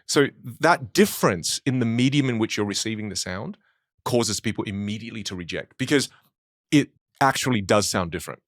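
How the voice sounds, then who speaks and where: A man in casual podcast chat, explaining things in an animated way and acting out people's reactions. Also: lowish voice, brisk, dry recording, clean studio sound.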